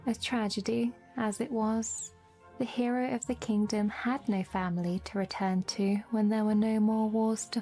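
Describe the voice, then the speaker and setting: A woman with a British accent reads a fairy-tale style story in a measured, scripted way. She takes her time, and her tone is warm and dark. Soft music plays under her voice. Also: mid-range voice. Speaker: narrator of a debut intro.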